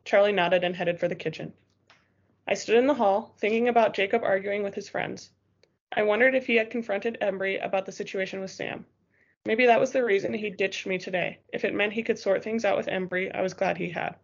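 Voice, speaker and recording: A woman's voice: medium pitch, quick pace, dull audio. A woman narrating a first-person novel as an audiobook, in a tense, urgent storytelling manner.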